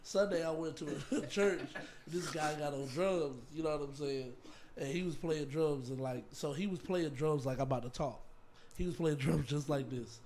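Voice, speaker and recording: A man who plays keys in church, telling stories in casual podcast chat, animated and laughing often. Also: fairly high pitch, normal speed, a little hiss or hum. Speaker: church keyboard player.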